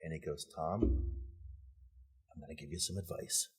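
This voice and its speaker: A middle-aged man telling stories as a podcast guest, animated and laughing, acting out quoted dialogue. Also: extremely low pitch, moderate pace, husky, faint music behind. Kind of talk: casual storytelling.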